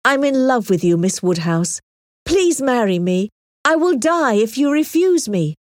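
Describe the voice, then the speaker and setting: A woman's voice: mid-range voice, wildly swooping pitch, unhurried, no echo, studio quality. A woman voicing a pompous, passionate young male vicar in an audiobook story, pleading and easily offended.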